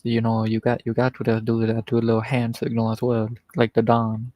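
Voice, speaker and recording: A man's voice: medium pitch, completely flat delivery, a little fast, mellow, dry recording, rough recording. A man hosting a livestream in casual, profane, rambling chat, chuckling often. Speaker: livestream host.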